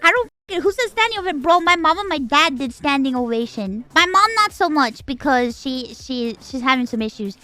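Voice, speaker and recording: A woman's voice: high-pitched, lively intonation, brisk, few pauses, sharp tone, faint music behind. A woman streamer in casual livestream chat, bubbly, jumping between squeals and mumbles.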